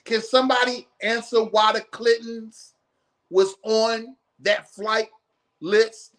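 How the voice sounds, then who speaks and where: A man's voice: sits high, level tone, takes it slowly, fairly bright tone. A man hosting a live podcast stream, ranting bluntly and profanely in heated commentary. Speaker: podcast host.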